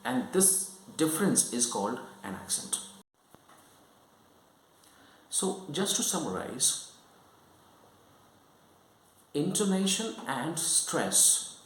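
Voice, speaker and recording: A man teaching a lesson, repeating words and checking understanding again and again. His pitch moves a lot as he explains. The room sounds echoey, with a faint hum underneath. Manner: repetitive, checks understanding often. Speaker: English teacher.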